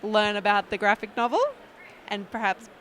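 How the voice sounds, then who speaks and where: A woman's voice: medium pitch, flat delivery, normal speed, a bit bright, slight background noise. A woman guest on a podcast, chatting playfully and laughing with the group. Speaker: guest comic artist. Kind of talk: casual chat.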